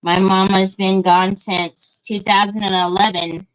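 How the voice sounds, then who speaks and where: A woman's voice: mid-range voice, level tone, a little slow. A middle-aged woman, chatting casually and greeting viewers by name while she crafts on a livestream. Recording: dull lo-fi livestream audio.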